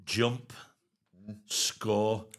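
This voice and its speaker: A man's voice: lowish voice, little pitch movement, extremely slow. A man co-hosting a pub podcast, chatting casually, laughing often and rambling when he loses his train of thought. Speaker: podcast co-host.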